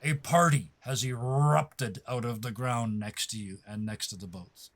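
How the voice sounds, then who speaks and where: A man's voice: medium pitch, unhurried. A man narrating as game master of a tabletop game, loose and improvised, often laughing.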